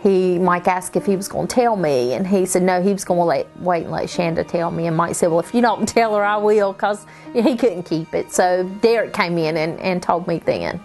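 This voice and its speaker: A woman in a family interview speaks earnestly, with a slightly low voice. She stumbles now and then. Soft music plays behind her. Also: normal speed, few pauses. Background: soft background music.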